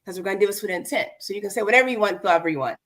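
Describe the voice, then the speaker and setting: A woman's voice: mid-range voice, racing. Woman host, casual livestream chat, speaks straight to her viewers. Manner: addresses viewers directly, keeps asking "okay?".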